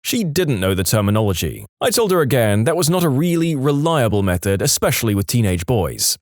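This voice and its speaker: A man narrating reader-submitted stories in a scripted, expressive way, slowing down to land punchlines. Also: mid-range voice, dry recording, studio quality. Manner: expressive, slows down to stress punchlines. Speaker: storytime narrator.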